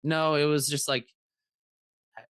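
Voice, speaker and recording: A man's voice: a little high, little pitch movement, measured pace, fairly bright tone, smooth, no room sound. A man co-hosting a podcast, telling stories in casual chat, rambling with many restarts and acting out other people's voices. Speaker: podcast co-host.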